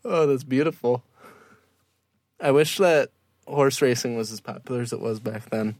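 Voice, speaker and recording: A man's voice: mid-range voice, steady tone, normal speed, darkish tone, no room sound, clean studio sound. A man hosting a casual podcast, upbeat and joking as he chats with his co-hosts. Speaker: podcast host.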